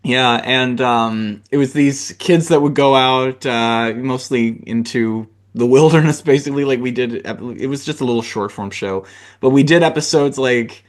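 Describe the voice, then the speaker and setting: A man's voice: medium pitch, a little slow. Male podcast host, mid-range voice, easygoing and hesitant. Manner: hesitant, many fillers and restarts. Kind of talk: casual interview chat.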